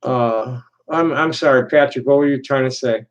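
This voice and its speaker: A man's voice: mid-range voice, normal speed, dull audio. A man who plays horn as a busker, hosting a casual livestream and rambling with many restarts and repeated words.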